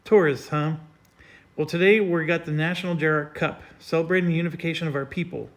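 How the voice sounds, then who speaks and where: A man voicing a jaded male gatekeeper who talks in a slow, sleepy drawl, read aloud from a game's story text. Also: a little high, steady tone, natural voice.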